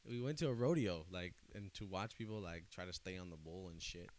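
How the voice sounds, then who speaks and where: A young man chatting casually, telling stories with lots of laughter and big swings between loud and quiet. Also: sits low, a little fast. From California. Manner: animated storyteller, laughs often, swings loud and soft. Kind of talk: casual chat. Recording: faint hiss.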